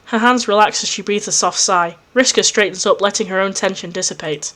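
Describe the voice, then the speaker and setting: Excitable woman reading a story aloud. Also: mid-range voice, a little fast. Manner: excitable, gushing. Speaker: host reading fan fiction. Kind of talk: storybook narration with gushing reactions.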